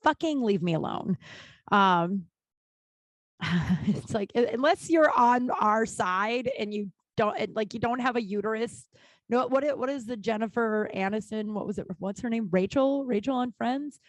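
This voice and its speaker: A woman's voice: on the high side, measured pace, no room sound. A woman hosting her own podcast in a casual solo monologue, blunt and swearing freely, rambling with many restarts, recorded in a small closet at home. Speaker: podcast host.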